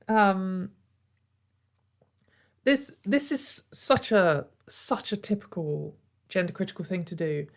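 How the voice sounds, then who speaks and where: A woman giving sarcastic, exasperated commentary and laughing often. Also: mid-range voice. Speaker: online commentator. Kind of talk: ranting commentary video.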